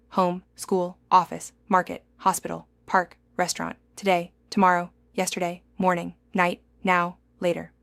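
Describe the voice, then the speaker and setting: A woman teaching a scripted English lesson in a clear, measured, encouraging way. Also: lowish voice, no echo.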